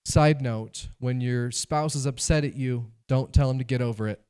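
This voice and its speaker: A male pastor preaching a sermon, animated and conversational, acting out quoted voices. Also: mid-range voice, moderate pace, clear, resonant tone.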